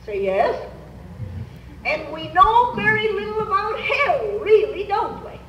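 An older woman preaches in a high, melodic voice that rises and falls widely, taking her time over each phrase. She urges the congregation to repeat after her. The recording is distant and roomy with a faint hiss. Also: very animated, slow, fairly bright tone. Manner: emphatic, urging the congregation to repeat phrases aloud. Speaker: Pentecostal Bible teacher. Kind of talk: sermon. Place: church meeting. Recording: roomy church hall, recorded from afar, faint noise.

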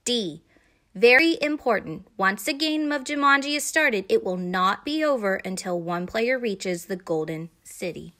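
A bossy, excitable young girl, as a woman reading a storybook puts her on, pitched well above the reader's usual voice. She talks in a bright, eager, commanding way and keeps pushing the game forward. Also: normal speed. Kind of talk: storybook read-aloud.

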